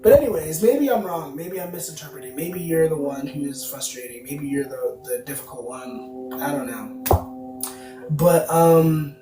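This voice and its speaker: A man's voice: on the high side, measured pace. A man hosting a tarot reading livestream, chatting loosely and answering viewer comments aloud as he goes. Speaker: tarot card reader, livestream host. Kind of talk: casual livestream chat. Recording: roomy, distant mic, music behind. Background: music playing.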